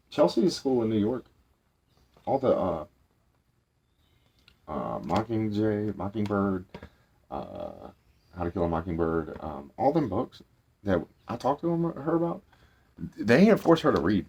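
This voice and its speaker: Deep voiced guy reading a kids book out loud, rambly chatty asides, voice swings all over. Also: big pitch swings, measured pace, vocal fry, slightly rough. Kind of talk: casual storybook read-aloud with tangents.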